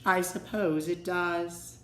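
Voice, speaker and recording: A man's voice: high voice, steady tone, slow pace, fairly bright tone, voice pushed up. A man voicing a cold, bossy stepmother in a storybook reading, curt and commanding, in a roomy echo. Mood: sly.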